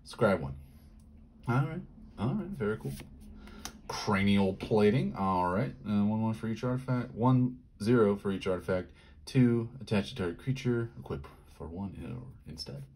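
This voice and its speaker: Excitable man opening card packs. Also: a little hiss or hum. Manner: excitable, yelping in high bursts; rattles off card text quickly. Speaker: card pack opener. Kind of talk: casual pack-opening commentary.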